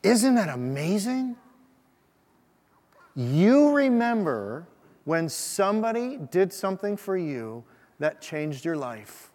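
A man preaching a Christmas sermon to a congregation, swinging between emphatic and soft delivery. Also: high voice, big pitch swings, slow. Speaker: pastor. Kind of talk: Christmas sermon with a read-aloud story. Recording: long hall reverb.

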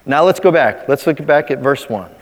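A man preaching a sermon as a pastor, talking conversationally and slowing down to stress key points. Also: fairly high pitch, lively intonation, long reverb tail. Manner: conversational preaching, slows for emphasis.

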